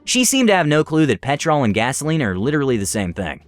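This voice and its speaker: A man narrating online stories in an animated, scripted way. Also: mid-range voice, fast, no echo, faint music behind. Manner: animated storytelling.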